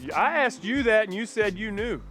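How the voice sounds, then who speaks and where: A man's voice: high-pitched, lively intonation, brisk, a bit bright. Blunt man giving orders outdoors. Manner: bossy, directing, blunt. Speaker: vlog co-host. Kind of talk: casual chat while working.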